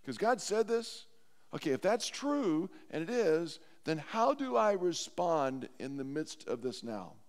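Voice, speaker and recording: A man preaching a sermon as pastor, earnest and slowing down to stress scripture lines. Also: a little high, big pitch swings, long reverb tail. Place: church sanctuary.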